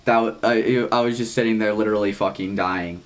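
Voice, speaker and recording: Young man rambling through a story. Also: brisk. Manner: rambling, heavy use of "like", frequent swearing; animated, with jumps in pitch when excited. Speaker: podcast co-host. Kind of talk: casual storytelling chat.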